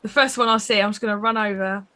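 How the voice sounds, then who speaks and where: A woman playing a tabletop game, talking quickly and mischievously. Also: mid-range voice, fairly even intonation, pushed and bright. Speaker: player. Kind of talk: tabletop role-play.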